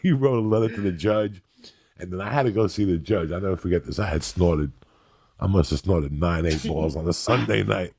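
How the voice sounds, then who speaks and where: A middle-aged man hosts a talk podcast and tells a story with plenty of swearing. His voice is very low and gravelly, with a rough, husky edge. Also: a little fast. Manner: profane, animated storyteller acting out other people's voices. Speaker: podcast host. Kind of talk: storytelling in casual chat.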